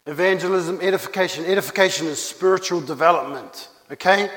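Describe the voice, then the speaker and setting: A high-voiced man delivers a sermon at a slow, deliberate pace. He leans on repetition to drive home his key phrases. His voice carries a long reverb, as if filling a church hall. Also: a bit bright. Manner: earnest, repeats key phrases for emphasis. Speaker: pastor.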